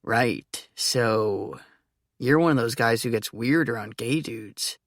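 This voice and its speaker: A woman voicing a guarded, cynical teenage boy in an audiobook, talking in a flat, tight way. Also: rumbling low, slow pace, dry recording, clean studio sound, full character voice.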